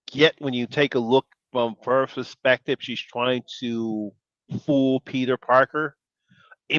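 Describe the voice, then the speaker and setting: Calm man on a dull, dry line. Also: mid-range voice, dry recording. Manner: calm, measured, with frequent "uh" fillers and agreeing murmurs. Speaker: host. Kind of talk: casual chat. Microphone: video call.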